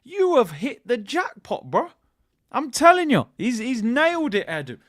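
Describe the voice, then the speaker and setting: A man's voice: very high-pitched, unhurried, no echo, clean studio sound. A young man from hosting a football channel, chatting casually with jokey banter and slang. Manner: animated, jokey, slangy banter with put-on voices. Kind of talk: casual live-stream chat.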